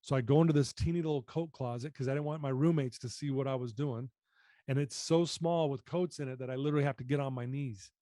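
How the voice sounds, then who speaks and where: An earnest man recounts his personal story as a podcast guest. His tone is mellow and dark, and he often sinks to a quieter register. The sound is dry and close. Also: mid-range voice, fast talker, no room sound. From United States. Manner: earnest, reflective, often drops voice.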